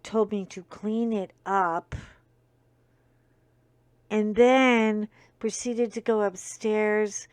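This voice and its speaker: A woman's voice: mid-range voice, steady tone, very slow, long pauses, darkish tone, clean tone, no room sound. A middle-aged woman hosting a casual chat, telling a long story in a rambling way full of fillers and asides, sniffling from a stuffy nose. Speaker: host.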